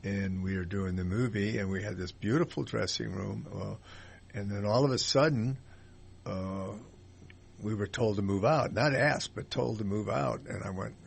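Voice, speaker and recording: Older man, radio host, low gravelly voice, rambling casual anecdotes, lots of fillers. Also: normal speed, a little hiss or hum. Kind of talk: casual storytelling on talk radio.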